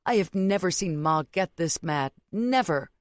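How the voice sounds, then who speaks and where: A woman's voice: fairly low pitch, expressive, unhurried, no room sound, studio quality. A woman voicing a blunt, stubborn elder sister.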